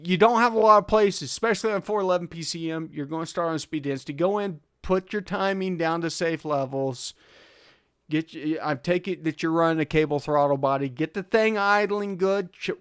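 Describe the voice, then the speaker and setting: A man's voice: on the high side, fairly bright tone, clean tone, no echo, clean studio sound. A man hosting a live car tuning stream, chatting casually, answering viewers' questions and chuckling often. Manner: laid-back, chuckling often, reads chat aloud.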